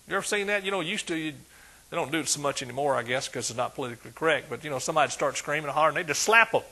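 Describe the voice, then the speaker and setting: A man preaching a sermon, folksy and animated, dropping soft and then rising loud. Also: fairly high pitch, very fast, slightly rough.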